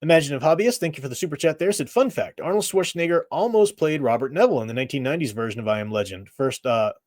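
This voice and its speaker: A man's voice: a little high, lively intonation, racing, a little mellow, dry recording, studio quality. A middle-aged man hosting a live stream, giving his blunt opinions in casual chat and laughing at his own remarks.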